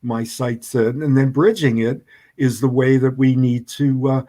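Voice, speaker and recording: A man speaking as a guest in a discussion, who talks haltingly with many hesitations and restarts. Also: mid-range voice, steady tone, warm tone. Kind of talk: conversational debate.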